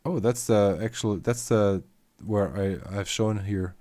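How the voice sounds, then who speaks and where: A man's voice: lowish voice, fairly even intonation, slow, dark tone, no room sound. A man with a German accent, chatting loosely on a livestream as a machinima creator, rambling and swearing casually.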